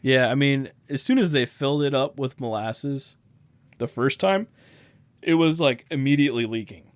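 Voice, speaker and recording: A man's voice: mid-range voice, normal speed, dry recording. A young man co-hosting a comedic history podcast, playful and teasing, tossing in jokey asides. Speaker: podcast co-host. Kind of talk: casual comedic history chat.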